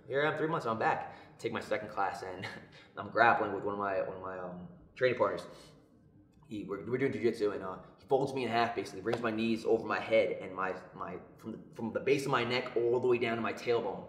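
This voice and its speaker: A young man telling a personal story in a casual podcast chat, lively and acting out what others said. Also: fairly low pitch, fast. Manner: animated, acts out quoted voices. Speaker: podcast co-host. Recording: echoey room.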